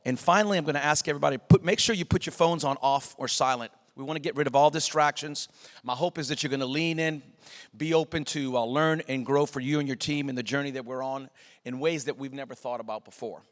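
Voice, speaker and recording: A man hosts a business leadership event in a mid-range voice. He encourages the crowd and introduces the speaker with rising enthusiasm. Long reverb from the hall trails his words. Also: medium pitch. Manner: builds to an energetic, hyped-up introduction. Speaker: event host. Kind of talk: motivational welcome and speaker introduction.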